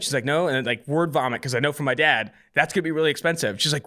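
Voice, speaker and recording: A man, co-hosting a podcast and telling a long story in an animated, casual way. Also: a little high, very fast, hardly any pauses. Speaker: podcast co-host.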